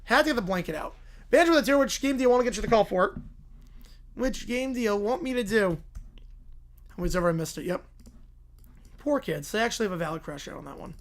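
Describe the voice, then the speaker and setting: A man's voice: high voice, quick pace, long pauses. A man hosting a livestream, chatting casually and offhandedly with his viewers. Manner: relaxed, offhand, talking to chat. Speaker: livestream host.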